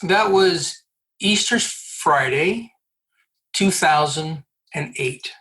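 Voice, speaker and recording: A man in his sixties, a podcast guest from Canada, telling a personal story in a lively, joking way and acting out the people he quotes. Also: on the high side, drawn-out words. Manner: lively, jokey storyteller who acts out quoted dialogue. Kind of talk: animated storytelling.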